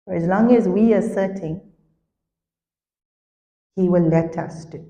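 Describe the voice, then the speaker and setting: A woman spiritual teacher giving a sermon, telling a story with animated, laughing delivery. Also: on the low side, a little slow, long reverb tail, muffled recording.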